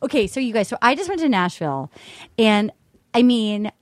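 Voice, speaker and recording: A woman with a high, bright-sitting voice chats on a podcast, gushing and bubbly as she rushes through her stories. The sound is dry and close, with no room around her. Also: big pitch swings, no room sound. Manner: bubbly and gushing, quick storytelling. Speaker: podcast co-host and comedian. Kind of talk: excited casual chat.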